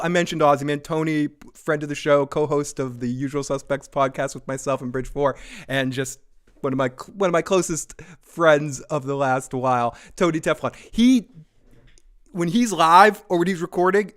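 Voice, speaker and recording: A man's voice: fairly high pitch, normal speed, fairly bright tone. Tipsy, rambling male live-stream host. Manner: rambling, profane, self-mocking. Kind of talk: casual live-stream commentary.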